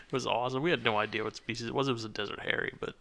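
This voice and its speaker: A young man co-hosting a podcast, chatting casually and rambling through his stories with lots of restarts. His voice has a gravelly grain and a bright, forceful edge. He sounds like an everyday guy talking into a podcast mic. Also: mid-range voice, steady tone, rapid-fire, slight background noise. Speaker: podcast co-host. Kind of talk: casual chat.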